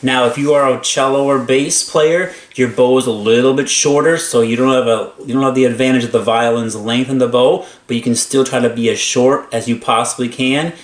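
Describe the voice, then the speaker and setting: A man's voice: mid-range voice, fairly even intonation, a little fast, few pauses. A man teaching string bowing exercises, talking between demonstrations and counting aloud as he plays. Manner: upbeat, talks between playing, counts aloud. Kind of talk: instrument lesson demonstration. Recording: echoey room with violin playing. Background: violin playing.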